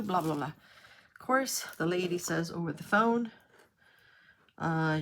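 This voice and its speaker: A woman's voice: fairly low pitch, measured pace, long pauses, slight background noise. A woman vlogger telling a rambling story in a chatty way while she sorts her craft supplies. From New York. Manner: chatty, rambling, animated when retelling.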